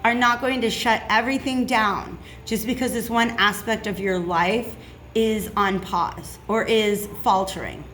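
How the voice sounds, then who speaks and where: A woman's voice: mid-range voice, steady tone, unhurried, a bit bright, slight background noise, natural voice. A woman voicing the universe as a chipper caller, coaxing and playful in a mock phone-call voice.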